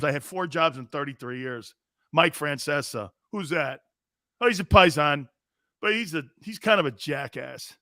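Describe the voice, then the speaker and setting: A man hosting a sports talk show, telling stories in a loose, animated way and slipping into squeaky impressions. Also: moderate pace, dry recording, clean studio sound. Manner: animated storyteller, does squeaky impressions and shouts. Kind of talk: casual sports radio talk.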